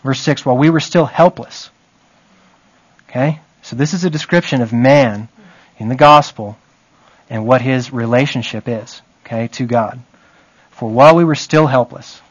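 A man's voice: medium pitch, normal speed, pauses often, breathy edge, no echo, highs cut off. A man teaching a Bible study in a conversational way, often checking in with his listeners.

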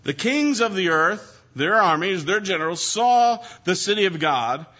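A male preacher with a fairly high, bright and forceful voice, explaining scripture through rhetorical questions and emphatic repetition. The recording sounds dull and lo-fi, like an old church tape. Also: very animated, unhurried. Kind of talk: sermon.

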